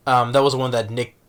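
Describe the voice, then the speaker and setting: A man talking casually as a movie reviewer, halting with many restarts and fillers. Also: medium pitch, creaky, fairly bright tone. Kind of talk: casual vlog talk.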